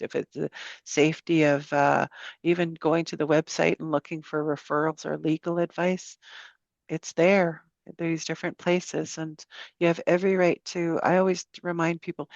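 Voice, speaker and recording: A woman guest speaking softly and unhurriedly in a casual conversation, with many pauses. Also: sits low, no room sound. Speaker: podcast guest, survivor advocate. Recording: dull, lo-fi, dry sound.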